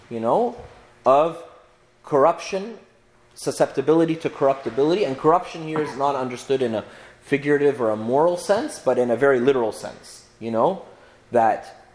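A man's voice: medium pitch, a little mellow, a little hiss or hum. A man, a priest, giving a conversational Bible teaching, with many restarts and frequent "right?" asides to his listeners.

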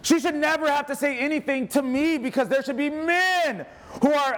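A male pastor with a notably high voice delivers a fervent sermon. His preaching is emphatic and built on repeated rallying lines, spoken in a church sanctuary. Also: normal speed, few pauses, fairly bright tone. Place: church sanctuary with a responding congregation.

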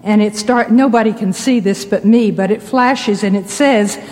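A woman giving a measured talk to a church audience, with wry asides. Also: medium pitch, dark tone, in a large hall. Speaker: speaker addressing ministers.

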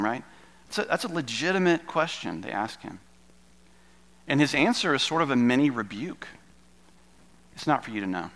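Male pastor, mid-pitched voice, easy conversational sermon delivery. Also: sharp tone. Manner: conversational preaching, rhetorical questions.

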